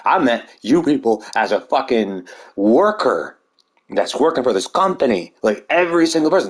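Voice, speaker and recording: A man's voice: mid-range voice, slightly rough. A man delivering a rambling, heated monologue full of swearing. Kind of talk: ranting monologue.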